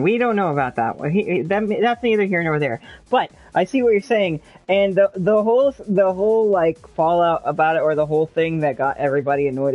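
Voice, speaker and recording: A man hosting a podcast speaks in a measured, agreeable way, often pausing to search for words. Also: fairly high pitch. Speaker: podcast host. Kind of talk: casual podcast chat. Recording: dull, dry lo-fi audio.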